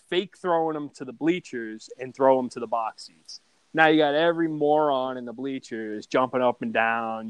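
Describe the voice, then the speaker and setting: A man telling loud, profane stories in a casual podcast chat. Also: mid-range voice, clear, resonant tone, no echo. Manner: loud, profane, animated storyteller. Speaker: guest storyteller.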